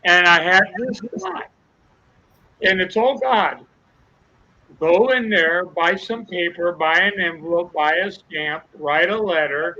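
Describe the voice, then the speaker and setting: A man's voice: high-pitched, takes it slowly, pushed and bright, dull audio. An older man, a guest, telling an emotional personal testimony, acting out the dialogue as he goes. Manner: earnest storyteller acting out dialogue.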